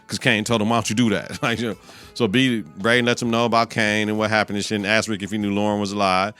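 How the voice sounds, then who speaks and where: A man's voice: fairly low pitch, fast, smooth, soft background music. A man hosting a podcast, recapping a TV episode in a loose, profane way and acting out the characters' lines. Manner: profane, animated, acts out quotes in voices. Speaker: podcast host.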